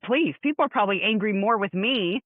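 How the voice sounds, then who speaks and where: A middle-aged woman co-hosting a podcast, chatting casually and telling stories in an animated way. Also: mid-range voice, brisk, no room sound. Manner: animated storyteller, acts out quotes. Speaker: podcast co-host. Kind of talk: casual chat. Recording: dry, phone-like narrow sound.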